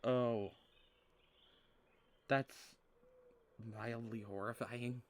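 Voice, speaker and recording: A man streaming a story game, reading its dialogue aloud and thinking out loud, swearing often and using lots of fillers. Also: medium pitch, fairly even intonation, drawn-out words, a little hiss or hum.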